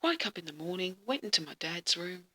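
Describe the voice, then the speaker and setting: Woman, lowish voice, casual dramatic storytelling, frequent whispers, swears. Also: animated, a little fast, sharp tone. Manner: dramatic, often dropping to a whisper, swears freely.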